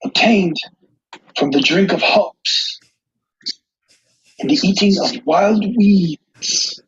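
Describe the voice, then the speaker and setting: A man putting on the voice of a nature documentary narrator, marveling in a grand way with a gravelly, raspy tone. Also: sits high, takes it slowly, a bit bright, a little hiss or hum, voice pushed up. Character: hushed-awe male nature documentary narrator. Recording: dull lo-fi sound.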